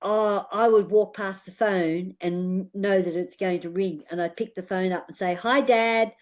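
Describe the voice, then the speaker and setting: A woman's voice: on the low side, level tone, moderate pace, darkish tone. Older Australian woman telling a heartfelt story. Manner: earnest, heartfelt, repeats phrases, uses fillers. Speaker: guest, aura healer. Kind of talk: personal storytelling in an interview.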